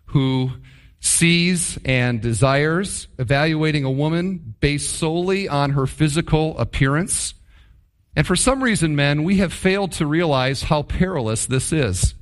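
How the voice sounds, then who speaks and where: Emphatic preacher, slightly high voice. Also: male voice. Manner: emphatic, repeats key phrases, rhetorical questions. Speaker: pastor. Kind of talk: sermon.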